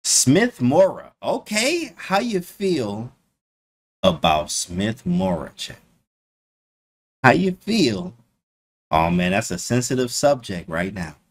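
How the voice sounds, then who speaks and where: A man streaming casually to his chat, slangy and animated, repeating his phrases. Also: medium pitch, slow, pauses often. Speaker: chess streamer.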